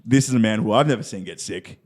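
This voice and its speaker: A man's voice: on the low side, fast. A man, co-hosting a podcast and telling a long story in casual chat, acting out the voices of the people in it and swearing freely. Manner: animated, acts out quoted voices, heavy swearing.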